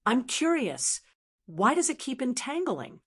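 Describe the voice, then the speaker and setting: A curious young companion who asks dry, questioning things, as a woman reading an audiobook puts them on. The delivery is slow and plain, lifting a little on the questions. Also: sits high, very animated, a bit bright, breathy edge, voice pushed up, exaggerated voice.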